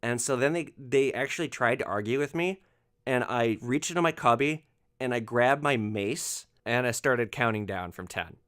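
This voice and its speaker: A man hosting a podcast, telling a rideshare story in an animated monologue and acting out the passengers' lines. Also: medium pitch, moderate pace. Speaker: podcast host, former rideshare driver.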